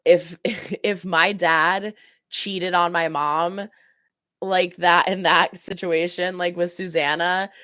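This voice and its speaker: A woman's voice: lowish voice, fairly even intonation, slow, pushed and bright, dry recording, clean studio sound. A young woman hosting a reaction channel, chatting casually and rambling about a TV episode, laughing often and acting out heated lines.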